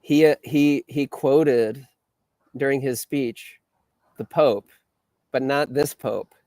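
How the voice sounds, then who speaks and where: Casting note: male host, middle pitch, dry close sound, measured and lightly professorial. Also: a little mellow, dry recording. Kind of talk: casual political chat.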